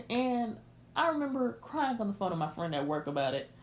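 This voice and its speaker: A woman's voice: a little high, very animated, normal speed, a little hiss or hum. A young woman hosting a podcast, confiding a personal story in an emotional, candid rant and speaking straight to her listeners. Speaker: podcast host.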